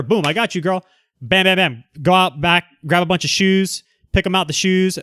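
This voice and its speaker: A man hosts a livestream, reading viewer comments aloud and answering them frankly, rambling with many restarts. His high-pitched voice is fairly bright and clean at a moderate pace, with no room sound.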